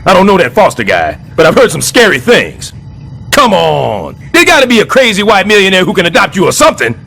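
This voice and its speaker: A man voicing a brash, scheming middle-aged building superintendent in a cartoon, loud and sarcastic. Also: high-pitched, huge pitch swings, a little fast, gravelly, exaggerated voice. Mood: coaxing. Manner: loud, sarcastic wisecracking, jumps between growls and squeals. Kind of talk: stop-motion cartoon voice acting.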